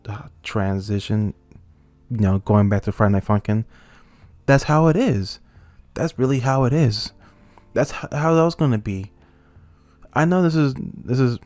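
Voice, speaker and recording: A young man talking into a close mic as a YouTuber, ranting heatedly and swinging between angry outbursts and calmer stretches. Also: on the low side, no room sound. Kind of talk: ranting commentary.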